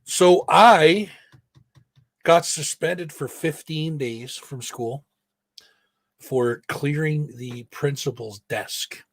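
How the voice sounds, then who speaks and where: A man's voice: fairly high pitch, drawn-out words, no echo. A man hosting a live stream show, telling a school story casually with lots of swearing and acted quotes. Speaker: host.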